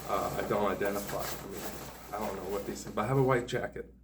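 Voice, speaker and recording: A man with a somewhat low voice tells a rambling personal story, drifting into sardonic, hedging asides. He sounds a little distant from the microphone. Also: quick pace, noisy background. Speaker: vlogger.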